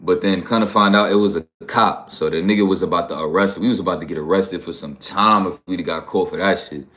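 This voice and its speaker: A man's voice: low voice, fairly even intonation, fast, fairly bright tone. A man from New York hosting a livestream, talking bluntly and profanely in a rambling, casual way. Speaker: livestream host.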